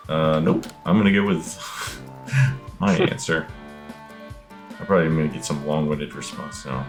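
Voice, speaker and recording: Brief: deep-voiced, gravelly man casually joking through a video game, game music loud behind him. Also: normal speed. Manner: joking, swears, reacts aloud as he plays. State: coughing after playing basketball. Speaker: gamer playing a video game. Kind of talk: casual let's-play chat.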